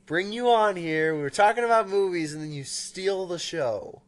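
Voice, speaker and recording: A man's voice: sits high, moderate pace. Young male podcast host, sick voice, playful ribbing. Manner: teasing, laughs often. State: sick, stuffy voice. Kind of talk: casual chat.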